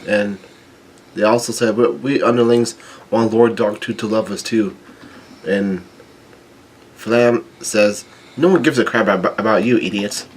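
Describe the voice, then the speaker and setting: A man reading a comic chapter aloud, stumbling, restarting words and filling pauses with ums. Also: on the low side, fairly even intonation, a little hiss or hum. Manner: halting, with frequent restarts and ums. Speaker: manga chapter reader.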